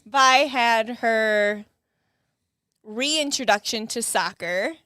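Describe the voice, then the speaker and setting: A woman's voice: a little high, drawn-out words, sharp tone, clear, resonant tone, dry recording, clean studio sound. A woman co-hosting a live show in casual, chatty conversation, laughing often. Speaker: co-host of a live advice show. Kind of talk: casual chat.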